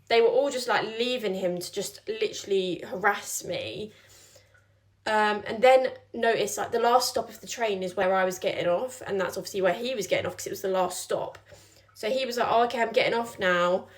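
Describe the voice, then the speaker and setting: Young woman, casual chatty storyteller, medium-pitched voice. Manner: chatty, many "like"s, acts out quoted lines.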